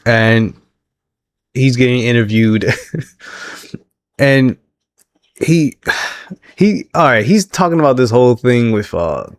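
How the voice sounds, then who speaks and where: A man casually recapping a wrestling show, laughing often and quoting the wrestlers in an animated way. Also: medium pitch, slow pace, pauses often. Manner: laughs often, animated retelling with quoted voices.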